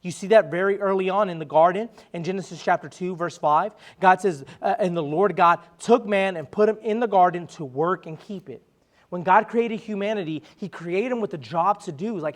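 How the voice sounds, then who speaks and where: A man's voice: sits high, fairly quick. A young man giving a casual, conversational sermon to a young adult group, acting out little voices and laughing along. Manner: conversational, acts out quotes, laughs at own jokes. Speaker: young adult ministry speaker.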